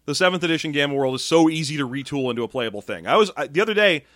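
Lively, bright-voiced man chatting casually. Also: a little high, dry recording, studio quality. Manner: animated, jokey, quick asides. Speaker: podcast co-host. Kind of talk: casual chat.

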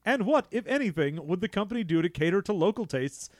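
A man co-hosting a comedy podcast, sarcastic and quick to swear and laugh. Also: high-pitched, expressive, no echo, studio quality. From outside the US. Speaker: podcast co-host. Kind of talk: casual comedic chat.

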